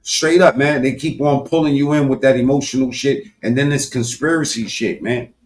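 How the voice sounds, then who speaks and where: A man giving a profane, animated political commentary rant, talking straight to his viewers with sudden loud swings. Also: medium pitch, moderate pace. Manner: animated, loud swings, heavy swearing, talks to viewers directly.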